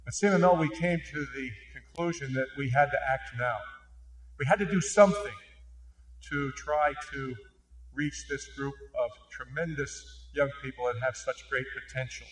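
A man's voice: medium pitch, moderate pace. A man giving an earnest conference presentation with slides for a mission organization. He speaks with emphasis and asks rhetorical questions. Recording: echoey room, distant mic.

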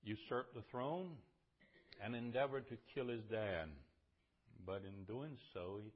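A man's voice: mid-range voice, unhurried, highs cut off. A man preaching a sermon, retelling scripture in a conversational way and building to fervent emphasis.

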